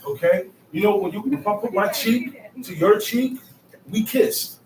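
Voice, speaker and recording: A man's voice: sits high, animated, unhurried, slight background noise. A man teaching a bible study class, explaining scripture in colloquial everyday speech and checking in with "okay?". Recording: echoey room, mic far off.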